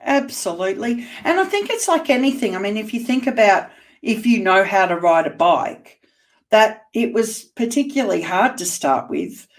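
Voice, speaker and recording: An Australian woman hosting a casual interview, playful and teasing, quick to laugh. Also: medium pitch, lively intonation. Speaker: podcast host.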